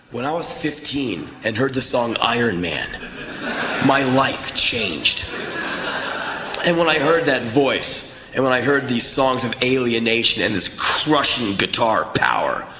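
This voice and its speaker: A man's voice: medium pitch, animated, a little slow. Intense, profane man telling stories live. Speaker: spoken word performer. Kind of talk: live spoken word storytelling. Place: stage in a large venue. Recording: echoey live venue with crowd noise.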